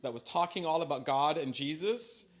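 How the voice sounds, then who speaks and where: A middle-aged man with a slightly high voice, speaking as a bishop at a parish forum. He talks in an easy, conversational way with filler ums and wry self-deprecating humor. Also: moderate pace. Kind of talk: church forum Q&A answer. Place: church hall.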